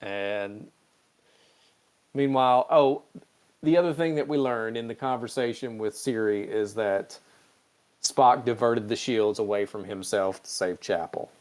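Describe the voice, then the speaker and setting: A man's voice: fairly low pitch, unhurried, darkish tone. A man hosting a podcast, recapping TV episodes in a casual, irreverent and profane way and acting out the characters' lines. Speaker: podcast host.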